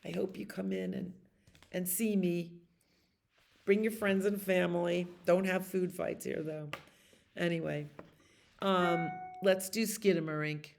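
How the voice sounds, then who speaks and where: A woman librarian reading a bedtime picture book aloud to children in a gentle, soothing way. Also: fairly low pitch, steady tone, a little slow, creaky, long pauses, a little hiss or hum.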